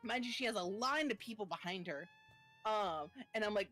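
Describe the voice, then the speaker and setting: A woman's voice: medium pitch, lively intonation, normal speed, a bit bright, faint music behind. Chatty woman telling a story. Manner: chatty, lots of fillers. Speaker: streamer guest. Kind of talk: casual storytelling chat.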